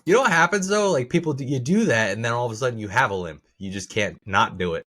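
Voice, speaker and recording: A man's voice: medium pitch, animated, fast, fairly bright tone, no echo. A man co-hosting a podcast in casual chat, rambling and restarting his sentences. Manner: rambling, repeats words when starting. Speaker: podcast co-host.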